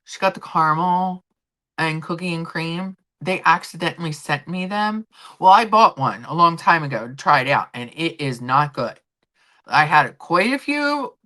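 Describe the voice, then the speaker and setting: A woman's voice: low voice, bright, forceful tone. A woman hosting a casual chat livestream, rambling and swearing freely as she talks to her viewers. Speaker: livestream host.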